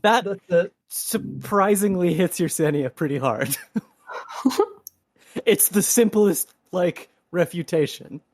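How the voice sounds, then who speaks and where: A man's voice: sits high, slow, no room sound, clean studio sound. A man playing in a tabletop game, musing in a thoughtful, philosophical way. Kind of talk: in-character roleplay and table chat.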